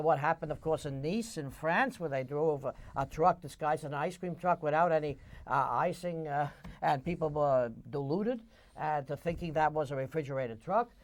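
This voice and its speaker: A man's voice: a little high, normal speed. Long-winded male interview host. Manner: long-winded, retells stories at length before asking. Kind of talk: conversational interview.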